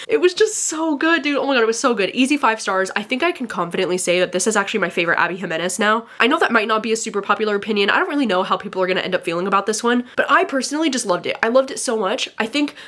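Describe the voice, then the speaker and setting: A young woman records a casual book vlog from her bed. She talks in a loose, gushing way, tossing in "like" and "dude" all the time. Her voice sits at an ordinary mid pitch. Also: a bit bright. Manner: chatty and gushing, heavy use of "like" and "dude". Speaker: book vlogger. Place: bedroom, in bed.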